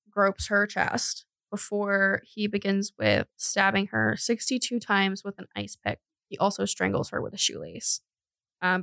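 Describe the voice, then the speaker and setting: A woman's voice: medium pitch, creaky, a bit bright, no echo. A young woman co-hosting a podcast, telling a true-crime story in a chatty way, with lots of fillers and self-corrections. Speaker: podcast co-host.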